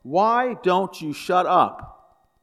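A man's voice: on the high side, big pitch swings, moderate pace, a bit bright. A man voicing a grumpy husband in a joke, growling his words through clenched teeth. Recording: echoey hall.

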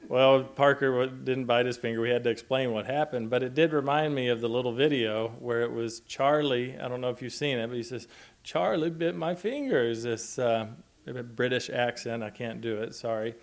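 A man preaching a sermon in a gentle, conversational way, chuckling often as he talks. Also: medium pitch, flat delivery, fairly quick. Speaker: pastor.

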